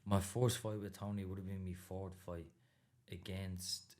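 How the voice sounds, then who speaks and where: A man's voice: sits low, steady tone, normal speed, darkish tone. A man in his thirties with an Irish accent, a boxer as guest, telling stories in a casual interview and swearing freely. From Ireland. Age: 30s.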